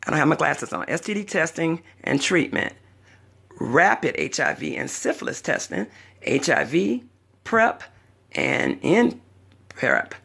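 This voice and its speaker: Gravelly-voiced woman telling a dramatic story. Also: low voice, big pitch swings, a little slow, fairly bright tone. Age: older. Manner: dramatic, chatty, acts out voices in her stories. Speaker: vlogger. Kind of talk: casual storytelling vlog.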